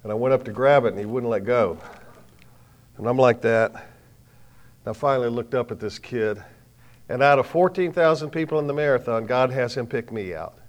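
A middle-aged man with a drawl delivers a sermon in a mid-range voice. He tells folksy personal stories, punching some lines loudly and letting others fall quiet. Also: medium pitch, moderate pace, long pauses. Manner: folksy, animated storytelling with sudden loud bursts and quiet drops. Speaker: preacher.

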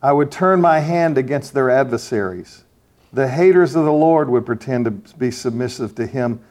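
Older preacher, pleading and impassioned. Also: male voice, medium pitch, moderate pace. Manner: impassioned, pleading, swells loud then drops to hushed. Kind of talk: sermon and fervent prayer.

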